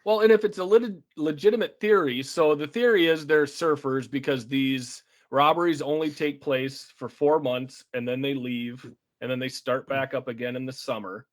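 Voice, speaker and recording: A man co-hosting a podcast, recapping a film's plot in a relaxed, chatty way with an occasional chuckle. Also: medium pitch, normal speed, few pauses. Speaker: podcast co-host. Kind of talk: casual chat.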